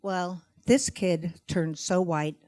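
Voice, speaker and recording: A middle-aged woman performing stand-up comedy, telling stories about motherhood in an animated, self-mocking, conversational way. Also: on the low side, takes it slowly. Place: stage before a live audience.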